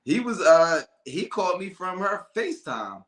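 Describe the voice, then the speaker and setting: A man hosting a casual talk show, telling stories with lively acted-out dialogue. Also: high-pitched, normal speed, reverberant. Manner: animated storyteller, acts out calm and angry callers. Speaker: podcast host. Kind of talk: casual storytelling chat.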